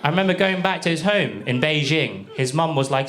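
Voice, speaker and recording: A young man from the UK performing a stand-up comedy set, delivering deadpan punchlines and slipping into put-on voices for characters. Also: on the high side, a little fast. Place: comedy club stage with a laughing audience. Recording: live club recording with crowd laughter.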